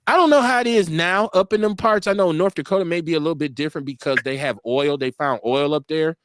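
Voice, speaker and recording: Animated guy in his 40s telling stories, slightly high voice, swears a lot, dry close mic. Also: quick pace, dry recording. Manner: animated storyteller acting out quotes, swearing freely. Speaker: radio show host. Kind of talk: casual storytelling on an internet radio show.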